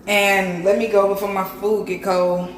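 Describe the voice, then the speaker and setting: A woman vlogger with a raspy, hoarse voice from a sore throat, chatting straight to her viewers. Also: medium pitch, little pitch movement, measured pace, roomy sound, a little hiss or hum. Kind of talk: casual vlog chat.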